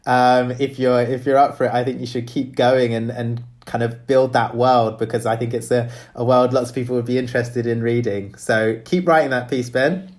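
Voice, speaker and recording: A man hosting a writing showcase, giving gentle, hesitant feedback with many pauses and restarts. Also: medium pitch, little pitch movement. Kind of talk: live event hosting and spoken feedback.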